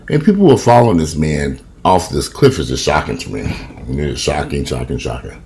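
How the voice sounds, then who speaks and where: A man's voice: very deep voice, very animated, moderate pace, a little mellow. A man in his fifties ranting profanely and animatedly in a casual home vlog, filming himself on a camera in his kitchen. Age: 50s. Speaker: vlogger.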